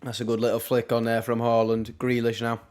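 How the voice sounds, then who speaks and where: Young man, casual live football watchalong, chatty, wry asides, mid-pitched voice. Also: completely flat delivery, brisk, a little mellow. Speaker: watchalong streamer.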